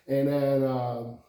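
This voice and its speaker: Guy rambling and swearing, laughs a lot, yells sometimes, mid pitch, far off the mic. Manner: meandering, profane, laughs often, bursts into loud outbursts. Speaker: vlogger. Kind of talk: rambling personal monologue. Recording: echoey room, distant from mic.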